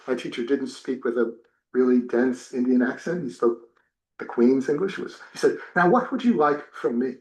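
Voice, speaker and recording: A man from New Jersey, a religion professor, teaching a class and telling personal stories with many restarts. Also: a little high. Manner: animated storytelling with many restarts. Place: temple classroom. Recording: echoey room.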